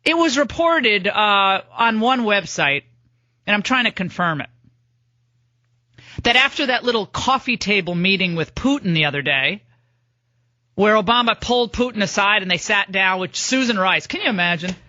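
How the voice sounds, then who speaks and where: Sarcastic woman radio host, animated. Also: mid-range voice, dry recording, highs cut off. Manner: sarcastic, mocking, rapid-fire listing. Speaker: radio talk show host. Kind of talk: political talk radio monologue.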